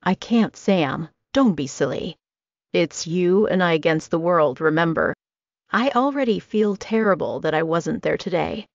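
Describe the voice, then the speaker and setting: Woman reading earnest gushing best friend, low gravelly voice, dull sound. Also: expressive, measured pace, no echo. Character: young woman, emotional loyal best friend. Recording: dull lo-fi recording.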